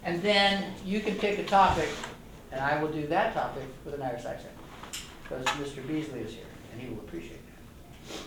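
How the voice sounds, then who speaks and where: A man's voice: on the high side, normal speed, noisy background. An older man, a retired doctor, giving an enthusiastic, rambling informal lecture to a club audience and joking with them. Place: meeting room. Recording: echoey room, voice from a distant mic.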